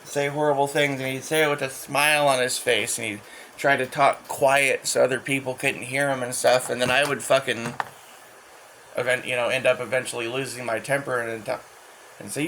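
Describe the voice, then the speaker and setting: A man in a casual rambling monologue, profane and halting, full of restarts and fillers. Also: mid-range voice, level tone, pushed and bright, slight background noise, rough recording. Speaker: channel host.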